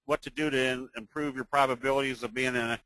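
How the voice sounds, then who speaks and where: A man presenting a trading webinar in a folksy way, telling jokes and making a sales pitch. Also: fairly even intonation, fast, pushed and bright, no echo, poor audio.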